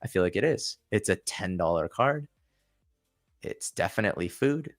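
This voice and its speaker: A man's voice: lowish voice, expressive, normal speed, faint music behind. A man hosting a casual livestream, chatting and thinking aloud with frequent restarts. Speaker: channel host.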